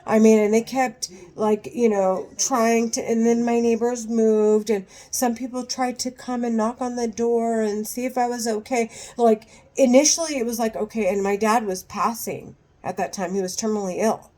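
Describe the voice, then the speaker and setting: A woman's voice: on the high side, fairly even intonation, moderate pace, few pauses, dark tone. A woman at home speaking to her camera in an agitated monologue, angry and profane, often stopping and restarting her sentences. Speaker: vlogger.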